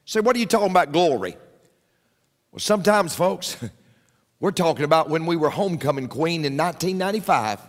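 A man preaches from the pulpit in a high, swooping voice, hammering home his points through repetition and turning often to the congregation with asides. The room carries a long reverberant tail, as in a large sanctuary. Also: lively intonation, fairly quick. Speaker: pastor. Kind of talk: sermon.

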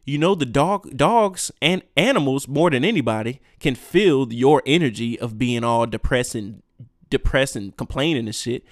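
A man ranting on his own podcast, profane and emphatic, swinging between loud outbursts and quiet asides. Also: fairly high pitch, dry recording, studio quality. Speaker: podcast host. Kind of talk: solo ranting podcast monologue.

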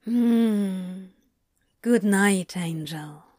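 A woman's voice: mid-range voice, drawn-out words, darkish tone, no room sound, clean studio sound. A woman reading fan fiction aloud, voicing a drowsy young man who mumbles sleepily. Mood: sleepy.

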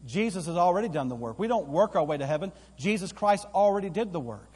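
A man's voice: high voice, expressive, fast, darkish tone, breathy edge. A man preaching a sermon as pastor in a church auditorium, with emphatic repetition that builds in force. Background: live congregation hall.

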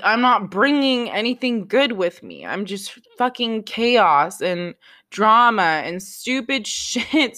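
A woman's voice: a little high, a bit bright. A young woman talking to camera in a confessional vlog, raw and self-critical, swearing often and restarting her sentences. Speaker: vlogger.

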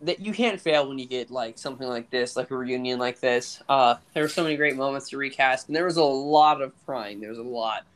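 A man's voice: mid-range voice, fairly bright tone. Stammering young man co-hosting a podcast. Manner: halting, restarts and stammers. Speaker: podcast co-host. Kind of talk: casual podcast chat.

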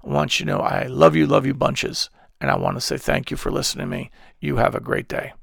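Gravelly earnest preacher man. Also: mid-range voice, expressive, fairly quick, fairly bright tone, no echo, clean studio sound. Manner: earnest, repetitive, affectionate, drops to near-whisper at times. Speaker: pastor. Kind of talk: livestreamed devotional message and prayer.

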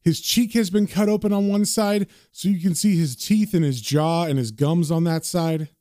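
A man's voice: on the high side, moderate pace, dark tone, dry recording, studio quality. Man casually narrating a comic recap. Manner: casual, descriptive storytelling. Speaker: comic book reviewer.

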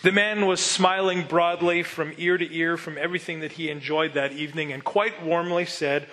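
A man's voice: on the high side, fairly even intonation, normal speed, hardly any pauses, fairly bright tone, poor audio. A male pastor preaching a sermon, telling the story earnestly and asking rhetorical questions.

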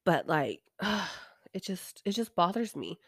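A young woman with a lowish voice talks through a TV episode in loose, chatty recap mode. She is irreverent, drops the odd swear and sighs between thoughts. The recording is close and dry, with no room sound. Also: sing-song, a little slow, fairly bright tone, no echo. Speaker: podcast host. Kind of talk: casual recap commentary.

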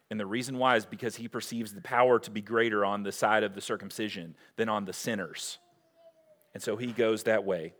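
A man preaching a sermon as pastor, earnest and direct, asking rhetorical questions and moving between loud emphasis and hushed scripture reading. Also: mid-range voice.

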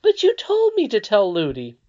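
A narrator voicing a young girl princess in a high, pleading, earnest way. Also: wildly swooping pitch, normal speed, dark tone. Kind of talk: audiobook character voice. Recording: slightly dull lo-fi recording.

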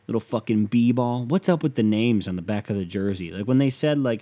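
A man's voice: on the low side, brisk, few pauses, warm tone. A young man from Ohio hosting a casual sports rant, profane and sarcastic.

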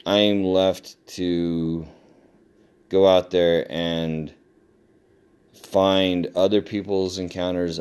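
Deep-voiced guy podcasting, chatty and rambling, lots of ums. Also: a little mellow, clear, resonant tone. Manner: rambling, laughs while telling stories, many fillers. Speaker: podcast host. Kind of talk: casual storytelling monologue.

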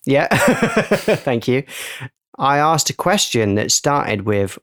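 A man's voice: mid-range voice, very animated, slow, fairly bright tone, no room sound, clean studio sound. A man co-hosting a podcast in casual, playful, joking chat. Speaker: podcast co-host.

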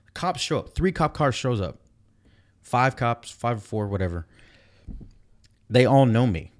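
A man in casual chat, telling a long story with blunt, profane, animated retelling. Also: mid-range voice, unhurried.

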